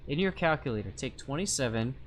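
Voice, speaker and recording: A male streamer speaks at an ordinary, middle pitch, easygoing and talkative as he answers chat and explains game mechanics. He thinks aloud through calculations, correcting himself as he goes. A soft layer of background noise sits under his voice. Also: lively intonation, fast. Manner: chatty, explains step by step, reads chat aloud. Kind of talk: live-stream game commentary.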